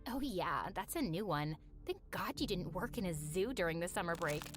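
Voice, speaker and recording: A woman voicing a mocking male schoolteacher in an animated story, speaking sarcastically over background music. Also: fairly low pitch, normal speed, pitched below the performer's own voice, close to an everyday voice. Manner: sarcastic, teasing.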